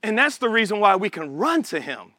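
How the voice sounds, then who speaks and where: High, bright-voiced male preacher. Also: brisk, no room sound, studio quality. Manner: animated, call-and-response preaching; acts out prayers in quoted voices. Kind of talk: sermon.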